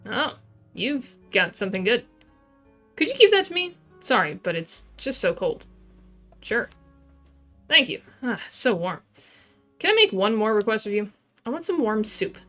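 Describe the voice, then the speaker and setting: A woman's voice: on the high side, big pitch swings, a little slow, long pauses, a bit bright, faint music behind. A woman streaming a game, chatting casually and playfully reading the characters' lines aloud in light voices.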